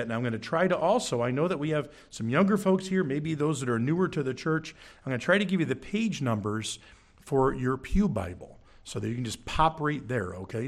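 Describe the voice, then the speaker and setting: A man preaching in a church, teaching from scripture with emphatic, animated delivery and frequent check-ins with the congregation. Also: medium pitch. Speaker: pastor. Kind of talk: sermon. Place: church sanctuary.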